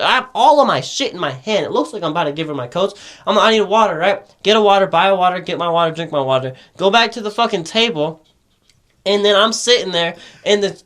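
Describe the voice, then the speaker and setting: A young man with a high, light voice tells a long, rambling story in casual podcast chat. He swears freely and keeps checking in with his listener, his delivery loose and animated. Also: fast. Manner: rambling, profane, animated storytelling with lots of "right?". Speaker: podcast host telling a story.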